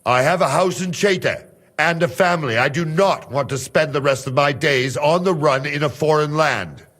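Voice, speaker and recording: An actor playing a cautious male guard from Hungary in a game cutscene, measured and calculating. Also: a little high, fairly bright tone, soft background music.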